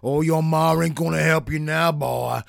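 A man playing a male counsellor who switches from a soft, patient manner to booming revival-preacher exorcism in a comedy sketch. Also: fairly even intonation, moderate pace, creaky, dry recording, studio quality. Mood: fervent, booming.

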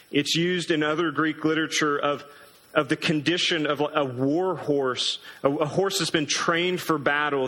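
A man preaching a sermon as pastor, earnest and emphatic, slowing down hard to stress key words. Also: medium pitch, fairly bright tone, poor audio.

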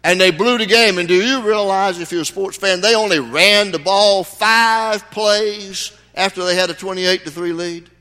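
Pastor guy preaching, folksy then punchy, bright voice, big reverby church. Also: high-pitched, normal speed, hardly any pauses. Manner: folksy preaching with sudden emphatic rises. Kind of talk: sermon. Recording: long hall reverb.

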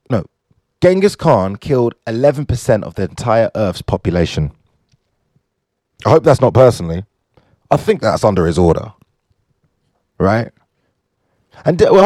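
A man casually reading out fun facts, joking and riffing on them in quick asides. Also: medium pitch, dry recording. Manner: animated, jokey, asides to himself. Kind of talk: casual fun-fact commentary.

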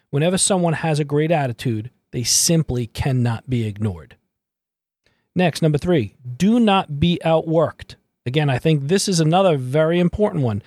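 A man's voice: on the high side, a little mellow, no echo. A man hosting his own motivational podcast as a mindset coach, talking emphatically and repeating key phrases for emphasis.

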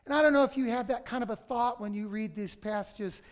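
A middle-aged male pastor preaching a conversational sermon that breaks into sudden loud outbursts. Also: very high-pitched, a little fast.

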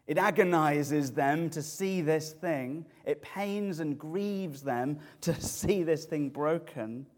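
A man delivers a sermon with lively, animated expository preaching. His voice sits a little higher than most men's. He turns word studies into vivid storytelling.

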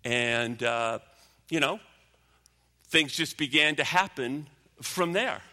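A man preaching a sermon as pastor, emphatic, sinking low and quiet for stories. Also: animated, slow pace, big-room sound. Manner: emphatic preaching, drops low and quiet when telling a story.

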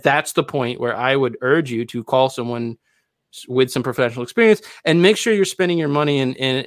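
A male podcast host who talks his point through in an earnest, lecturing way. His voice sits in a middle register and sounds close and dry, with no room echo. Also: medium pitch. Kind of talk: casual podcast chat.

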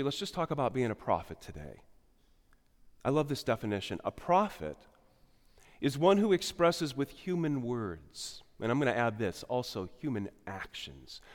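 A man delivers a sermon from the pulpit of a church, his fairly high voice rising and falling with lively intonation. He pushes hard on key words, then drops into hushed, intimate asides. The sound carries a long, roomy reverb. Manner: animated preaching with swings between loud emphasis and quiet asides. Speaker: pastor.

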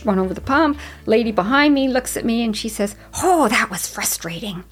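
A woman's voice: fairly high pitch, animated, moderate pace. Earnest woman in her fifties telling stories. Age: 50s. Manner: chatty, earnest, gently advising. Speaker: podcast host. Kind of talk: reflective solo storytelling.

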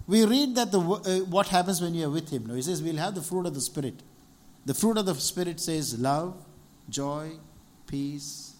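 A middle-aged man from India preaching a sermon and sharing a personal testimony, earnest and repeating key phrases for emphasis. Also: high-pitched. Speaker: preacher, doctor.

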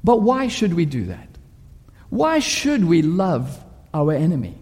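A male preacher delivering a sermon in a high, animated voice with a mellow tone. He tells stories vividly and poses rhetorical questions at a slow, deliberate pace. A long reverb from a large hall follows his words.

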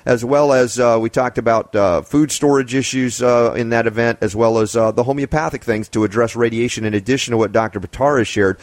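A man's voice: mid-range voice, fairly even intonation, a little fast, hardly any pauses, no echo. A man hosting a talk show, affirming his guest and promoting upcoming material. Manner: affirming, plugs the show and a seminar. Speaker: show host. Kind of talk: casual interview chat.

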